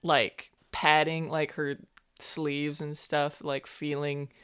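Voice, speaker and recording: A woman's voice: low voice, level tone, slow, a bit bright, clear, resonant tone. A woman playing in a tabletop game, laid-back and thinking aloud about her character. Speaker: player. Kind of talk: tabletop role-play.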